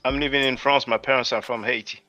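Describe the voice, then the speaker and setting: A man's voice: medium pitch, fairly even intonation, fast, bright, forceful tone, no room sound, dull audio, faint music behind. A man hosting an online panel who politely cuts in, stammering and asking permission to speak. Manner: polite, interrupts with "hold on", stammers.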